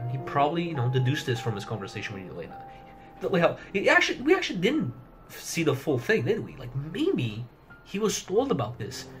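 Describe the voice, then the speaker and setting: A young man giving a rambling casual review of a manga chapter, swearing heavily and laughing often. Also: medium pitch. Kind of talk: casual commentary.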